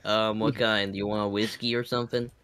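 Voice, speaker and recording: A man playing a bartender in an improvised bit on a game stream, pushing his voice lower and drawling. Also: level tone, brisk, background noise, lightly acted. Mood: gruff. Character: gruff adult male bartender.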